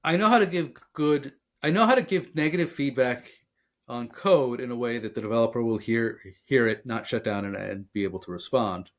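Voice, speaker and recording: A man co-hosting a casual software podcast who explains by acting out example exchanges and telling jokes. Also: medium pitch, brisk. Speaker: podcast co-host. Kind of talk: casual conversation about software.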